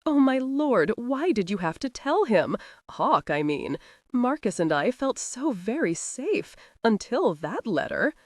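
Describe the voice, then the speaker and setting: A woman's voice: lowish voice, very animated, unhurried, no echo, studio quality. A woman voicing a witty young noblewoman who talks in a sweetly sarcastic, mock-guilty way.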